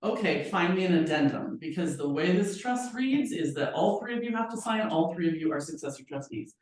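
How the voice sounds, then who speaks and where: A woman presenting at a training seminar, telling a story and acting out the people in it with lively voices. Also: on the low side, fairly quick. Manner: animated, acts out quoted people with voices. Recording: very echoey room, voice from far off.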